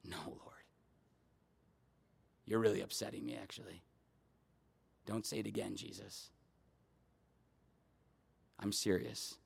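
A man's voice: steady tone, slow pace, gravelly, long pauses, husky, exaggerated voice. A man whispering as a pleading anxious disciple. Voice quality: whispery and low. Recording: long hall reverb.

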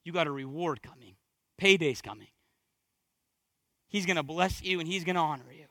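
A male pastor preaching a sermon with fervor, repeating phrases for emphasis and swinging between loud exhortation and hushed intensity. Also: a little high, moderate pace, pauses often, dry recording, clean studio sound.

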